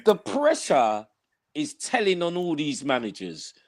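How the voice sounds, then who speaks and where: A man's voice: a little high, unhurried. A young man co-hosting a football podcast, slangy and emphatic, repeating his points. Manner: animated, slangy, emphatic repetition. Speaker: podcast co-host. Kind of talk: casual football banter.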